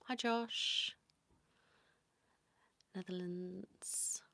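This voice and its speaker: A woman hosting a whispered ASMR livestream, greeting viewers by name in a soft whisper. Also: lowish voice, steady tone, very slow, vocal fry. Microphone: close sensitive mic.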